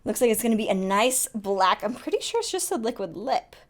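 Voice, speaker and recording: A young woman in a casual makeup unboxing vlog, chatty and excitable, often gasping and laughing. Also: a little high, fairly quick. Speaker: beauty vlogger.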